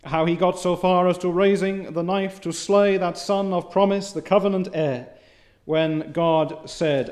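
A man preaching a sermon, reading scripture in old biblical wording, with emphatic rises and quiet drops. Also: on the high side, unhurried.

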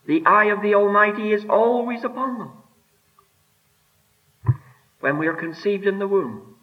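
Preacher guy giving a sermon, voice swings way up and down, kinda high, muffled old tape sound. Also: expressive. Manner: emphatic, rising and falling delivery with slow stressed phrases. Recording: dull lo-fi sermon recording.

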